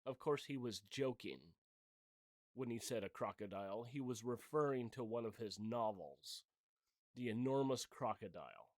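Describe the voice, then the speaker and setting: A man's voice: mid-range voice, animated, moderate pace, no echo, studio quality. A middle-aged man hosting his own channel, delivering a blunt, heated, profane opinion rant. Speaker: channel host.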